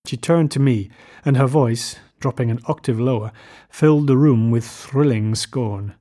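A man narrating a classic novel aloud in a measured, expressive reading. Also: medium pitch.

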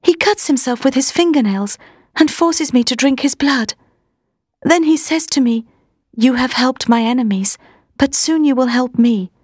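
A woman voicing a frightened young wife, speaking in a soft, weak, pleading voice. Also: sits high, moderate pace, slightly rough, no echo, studio quality, voice pushed up.

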